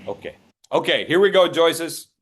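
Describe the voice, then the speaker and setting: A man coaching public speaking over a video call, his voice a little higher than most and swinging widely in pitch. He talks at an unhurried pace and playfully teases the people he calls on. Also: husky. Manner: playful, teasing, calls on participants. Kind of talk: interactive online voice workshop.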